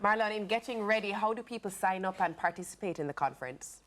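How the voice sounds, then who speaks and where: A woman hosting a morning TV show, chatty and playful, quick to affirm her guests. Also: mid-range voice, animated. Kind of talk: TV interview.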